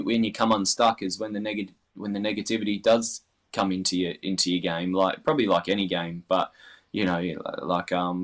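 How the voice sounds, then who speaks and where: An Australian man chatting casually as an interview guest, rambling with many restarts. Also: on the low side. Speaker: interview guest, darts player.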